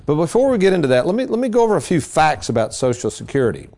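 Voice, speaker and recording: A man's voice: fairly high pitch, very animated, rapid-fire, warm tone. A man, hosting a financial radio show in a casual, folksy storytelling way. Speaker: financial advisor and radio host.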